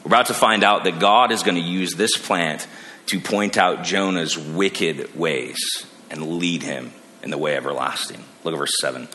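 A man preaching a sermon, animated, acting out the characters he quotes. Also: low voice, moderate pace. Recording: long reverb of a large hall.

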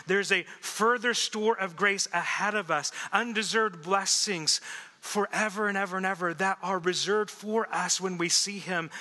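A man preaching a sermon as pastor, lively, asking the congregation questions and laughing often. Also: sits high. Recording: echoey hall reverb.

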